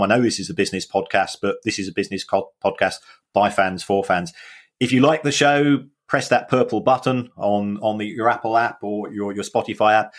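A man co-hosting a football finance podcast in casual chat, earnest and emphatic, with some stammering restarts. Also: on the low side.

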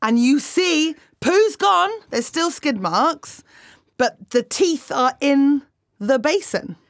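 A woman's voice: high-pitched, takes it slowly, no echo, clean studio sound. A woman comedian giggling as she retells a muddled story on a panel show. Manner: giggly, animated storytelling with frequent laughs.

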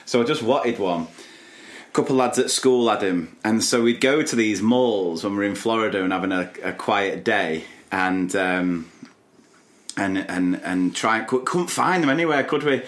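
A man's voice: lowish voice, normal speed. A man co-hosting a casual podcast, chatty and nostalgic, who laughs along with his co-host. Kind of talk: casual chat.

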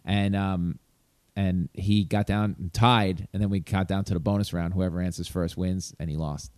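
A man with a lowish voice runs a trivia quiz in easy, joking conversation. He teases the contestants and fires off questions, and the sound is close and dry with no room around it. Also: fairly even intonation, darkish tone, no echo. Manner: joking, teasing, quick asides. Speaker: podcast host running a quiz. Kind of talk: casual chat.

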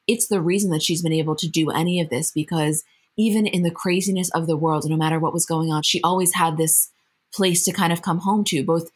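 A woman co-hosting a podcast in casual chat, telling things in a thoughtful, measured way. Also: on the low side, steady tone. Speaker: podcast co-host.

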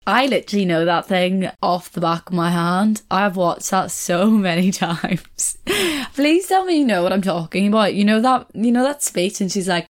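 A woman's voice: medium pitch, animated, moderate pace. A young woman hosting a casual solo podcast, chatty and rambling, often correcting herself and laughing. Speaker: podcast host.

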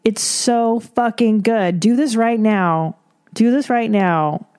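A woman's voice: fairly high pitch, takes it slowly, darkish tone, clean tone. A woman hosting an advice podcast, talking bluntly in a casual monologue, swearing freely and laughing between points. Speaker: podcast host giving advice.

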